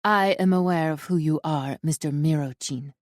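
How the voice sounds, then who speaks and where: A cold, commanding woman captor with a Russian accent, as read by an audiobook narrator. She gives clipped orders in a low voice, recorded dry and close. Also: normal speed, darkish tone, dry recording, natural voice.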